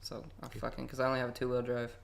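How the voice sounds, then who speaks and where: A man's voice: medium pitch, monotone, very fast, gravelly, slight background noise. A nineteen-year-old man co-hosting a casual podcast, rambling and swearing a lot. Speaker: podcast co-host. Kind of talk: casual joking chat.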